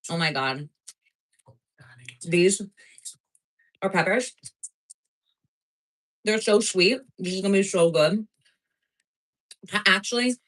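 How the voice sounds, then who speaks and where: A woman's voice: lowish voice, poor audio. A woman from New Jersey with a New Jersey accent, hosting a live cooking stream in a chatty, rambling way full of filler words. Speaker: cooking show host.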